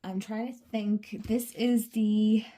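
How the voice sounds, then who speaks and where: A woman's voice: medium pitch, flat delivery, takes it slowly, warm tone, a little hiss or hum. A woman chatting casually to camera, rambling and giggling, slipping into whispers. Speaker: journaling channel host.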